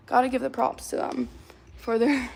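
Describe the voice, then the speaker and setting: A woman's voice: sits high, level tone, moderate pace, creaky, a little mellow, breathy edge. A woman in her twenties chatting casually on a livestream from her apartment, rambling and reading out comments with lots of "like" fillers. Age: 20s. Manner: rambling, heavy use of "like" fillers. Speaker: livestream host.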